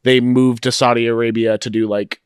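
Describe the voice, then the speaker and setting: A young man hosts a relaxed podcast conversation, often restarting his sentences with a stammer and laughing easily. His voice is smooth and clear at a middle pitch. The recording is dry and close. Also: normal speed, no room sound. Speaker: podcast host. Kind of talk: casual podcast chat. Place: podcast studio.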